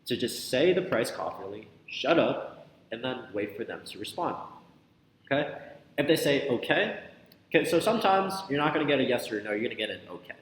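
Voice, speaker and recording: A young man teaching sales calls in a casual, energetic way, often acting out both sides of a phone conversation. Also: mid-range voice, brisk. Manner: energetic, repetitive, acts out both sides of the call. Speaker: sales coach. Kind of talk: casual instructional talk. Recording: echoey room with long reverb, faint ambience.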